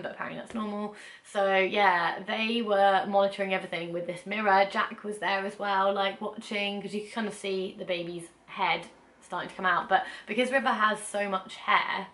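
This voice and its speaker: A young woman talks straight to camera, candid and chatty, and hurries through her asides with plenty of "like". Her voice sits at an ordinary middle pitch. The room around her rings with a noticeable echo. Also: a bit bright. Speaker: vlogger. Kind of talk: casual storytelling to camera. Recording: roomy echo.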